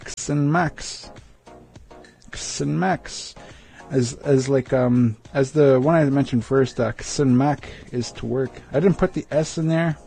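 Man, language teacher, gravelly unhurried delivery, repeats each word, faint music behind. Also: mid-range voice, dark tone. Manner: repeats each word slowly, jokes lightly. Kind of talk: casual vocabulary lesson.

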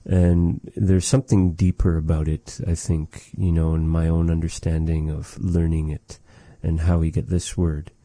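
A man giving a relaxed spoken language lesson, measured and thoughtful, with many pauses and fillers. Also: very deep voice, dry recording. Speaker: language teacher.

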